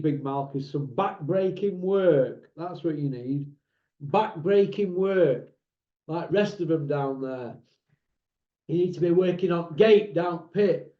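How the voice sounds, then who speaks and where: Northern English man, channel host ranting to camera, blunt and mocking, high voice, roomy lo-fi recording. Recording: roomy, dull lo-fi sound.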